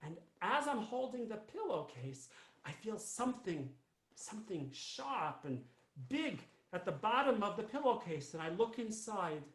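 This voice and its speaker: A man's voice: sits high, sing-song, unhurried. A man playing an elderly Jewish immigrant grandmother, a fussy, rambling storyteller who keeps repeating herself. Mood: wistful. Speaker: cantor. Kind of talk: live character monologue. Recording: roomy echo.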